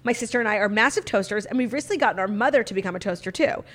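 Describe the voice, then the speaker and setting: A woman's voice: mid-range voice, a bit bright. A woman co-hosting a podcast, chatting casually and reading out a listener letter. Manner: fast, chatty, peppered with "like". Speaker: podcast co-host. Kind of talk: casual chat.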